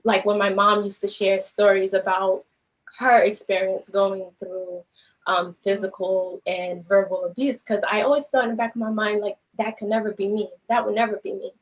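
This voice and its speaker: A woman's voice: mid-range voice, flat delivery, moderate pace. A woman guest speaker earnestly retelling a personal story on a podcast, rambling and peppered with "you know" and "like". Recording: slightly dull lo-fi livestream audio.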